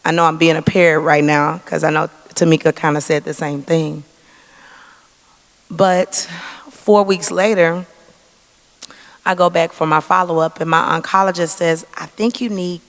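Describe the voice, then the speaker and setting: A woman in her forties, a cancer survivor, gives an earnest testimony in a church sanctuary, acting out the dialogue she quotes. Her low, creaky voice moves little in pitch and keeps a normal speed, with the long reverb of the church hall around it.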